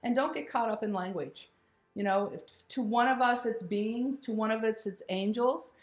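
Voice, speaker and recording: A woman telling a personal spiritual story in a candid, animated way, swearing casually and laughing as she goes. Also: on the high side, normal speed. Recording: roomy echo.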